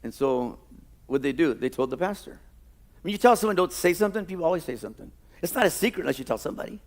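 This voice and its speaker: A male pastor delivering a sermon in a church, his voice a touch higher than most men's. He swings from loud, fervent preaching down to hushed, personal storytelling. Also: expressive, fast talker. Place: church sanctuary.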